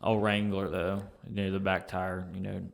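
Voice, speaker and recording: Laid-back young man, low voice. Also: monotone, normal speed, creaky, over music. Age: young adult. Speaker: podcast co-host. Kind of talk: casual chat.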